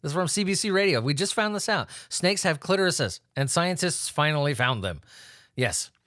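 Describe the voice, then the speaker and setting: A man's voice: on the high side, expressive, moderate pace, a bit bright, no echo, clean studio sound. A man hosting a comedic news commentary, swearing, laughing and making sarcastic asides. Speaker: host.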